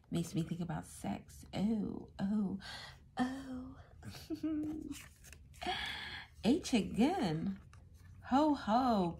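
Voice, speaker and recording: A woman reads tarot cards in a casual monologue, musing aloud in an unhurried, drawn-out way. Her voice sits a little low for a woman. A faint hiss of noise runs under the recording. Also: gravelly. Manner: musing aloud, thinking out loud. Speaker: tarot reader.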